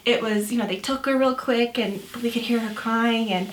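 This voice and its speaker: A woman's voice: fairly high pitch, moderate pace, a little hiss or hum. A young woman, a new mother, telling a story in a chatty, casual way with lots of fillers and quoted asides. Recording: roomy echo.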